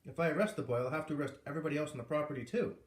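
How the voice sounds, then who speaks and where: A man reading aloud, voicing a calm police officer who speaks in a level, matter-of-fact way, in a roomy recording. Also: fairly high pitch, very fast, lightly acted. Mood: firm. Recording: roomy echo.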